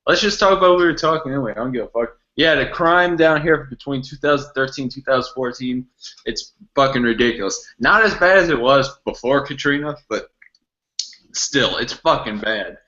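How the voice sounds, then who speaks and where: A man's voice: mid-range voice, normal speed, bright, forceful tone. A man hosting a casual chat, blunt and heavy on profanity. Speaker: podcast host. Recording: muffled lo-fi recording.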